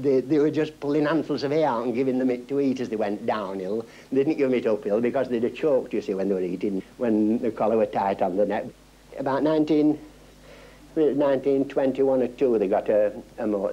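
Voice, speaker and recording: An older man with a Yorkshire accent, reminiscing in a halting way with many restarts. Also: medium pitch, dark tone. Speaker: local interviewee. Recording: dull lo-fi 1970s film sound.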